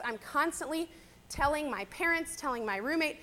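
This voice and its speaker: A young adult woman, a teacher, giving a personal sermon-style talk to a church audience in a chatty, animated storytelling way. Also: high-pitched, normal speed.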